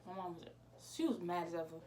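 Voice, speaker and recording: Teen girl, casual storytime, lively quoting. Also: fairly low pitch, quick pace, a little hiss or hum. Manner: animated retelling with quoted dialogue. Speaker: vlogger.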